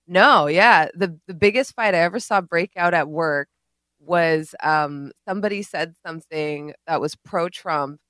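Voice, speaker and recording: A woman's voice: on the low side, unhurried, a bit bright, dry recording. A woman co-hosting a podcast in casual chat, telling stories animatedly and mimicking the people in them. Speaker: podcast co-host.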